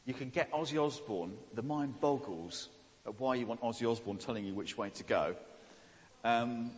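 A man's voice: mid-range voice, moderate pace, a little mellow. Male preacher, chatty and jokey, asks the room questions, long hall reverb. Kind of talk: sermon. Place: church hall.

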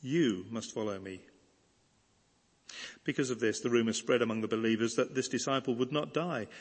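A man reading a Bible passage aloud in church, in a measured, expressive reading voice. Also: medium pitch, big-room sound. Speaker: scripture reader. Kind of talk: scripture reading.

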